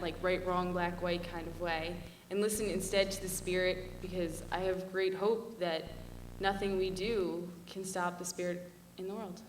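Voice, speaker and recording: A young woman speaks on a panel with earnest passion, chatty and peppered with "like." Her voice is bright and clear-edged. It carries from a distance through a reverberant hall with faint noise underneath. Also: fairly low pitch. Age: young adult. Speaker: student panelist. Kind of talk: panel talk. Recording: echoey hall from far off.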